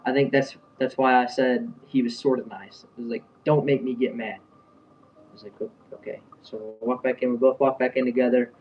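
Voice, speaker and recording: A man's voice: medium pitch, level tone, quick pace, hardly any pauses, slight background noise. Young man rambling through a story. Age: young adult. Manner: rambling, with many fillers and restarts. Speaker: vlogger. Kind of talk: casual storytelling. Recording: dull sound, a bit far from the mic.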